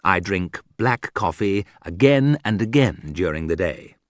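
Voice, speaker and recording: Guy reading a funny audiobook, slow and lively, lowish voice, dry close sound. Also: no room sound. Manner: dry, wry delivery with sudden lifts in pitch. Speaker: audiobook narrator. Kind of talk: scripted humorous narration.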